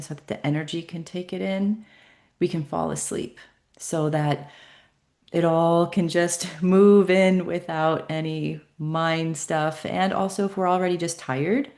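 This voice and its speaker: A woman hosting a spiritual session, talking gently and reading listener comments aloud. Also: low voice. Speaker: host of a meditation show.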